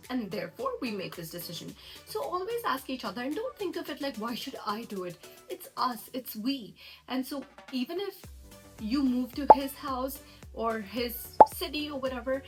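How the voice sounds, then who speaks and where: A woman's voice: sits high, very animated, moderate pace, rough recording. A young woman, a relationship coach, giving chatty, earnest and upbeat advice in a casual vlog, laughing easily. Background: background music.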